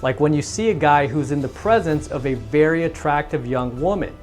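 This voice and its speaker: A man coaching other men on confidence, giving an instructional talk in a calm, steady and assertive way. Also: a little high, normal speed, faint music behind. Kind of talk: instructional monologue to camera.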